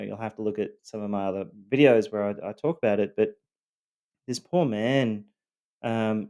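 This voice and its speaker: Halting man telling a hard personal story. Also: mid-range voice, darkish tone. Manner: halting, heavy with fillers, blunt and swearing. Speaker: abuse survivor telling his story.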